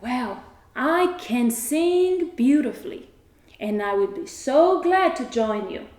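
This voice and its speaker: A woman's voice: sits high, lively intonation, takes it slowly, darkish tone, roomy sound. A woman voicing a male cat in a storybook tale, plaintive and hopeful. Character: male cat, sad but eager.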